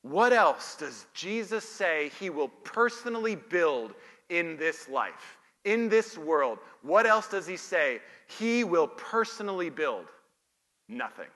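A pastor delivers a sermon in a high, bright voice, taking his time over each phrase. He preaches emphatically, posing questions and answering them himself. His voice rings out with the long reverb of a big church hall. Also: big pitch swings, slow pace.

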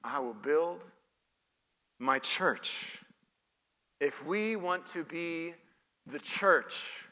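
A man's voice: on the high side, bright, forceful tone, in a large hall. A man preaching a sermon as pastor, reading scripture and firing off rhetorical questions that he answers himself.

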